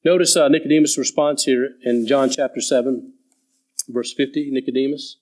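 A man preaching a sermon, explaining a Bible passage and reading the scripture slowly and deliberately. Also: medium pitch, a little mellow, poor audio. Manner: slows down and reads scripture deliberately.

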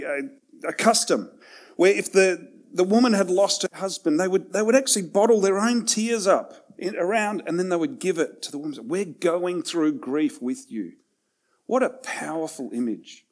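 A man preaching a sermon in a conversational way, with self-deprecating asides, swinging between loud and hushed passages. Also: on the high side. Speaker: pastor.

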